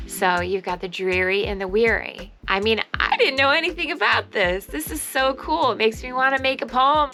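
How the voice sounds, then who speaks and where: A woman's voice: on the high side, lively intonation, normal speed, few pauses, bright, forceful tone, faint music behind. A woman hosting a casual vlog about thrifted finds she resold, talking with enthusiasm and frequent exclamations.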